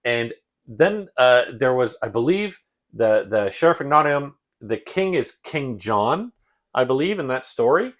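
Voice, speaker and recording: A man's voice: mid-range voice, unhurried. A man co-hosting a podcast in casual chat, telling the story with lots of swearing and acted-out bits. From Canada. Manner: animated, swears a lot, acts out scenes. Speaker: podcast co-host.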